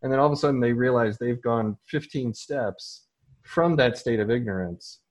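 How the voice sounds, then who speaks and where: Animated husky man talking about teaching. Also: mid-range voice, normal speed. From United States. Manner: animated, restarts often, acts out his own thoughts. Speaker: teacher and soccer coach. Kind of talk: casual interview answer.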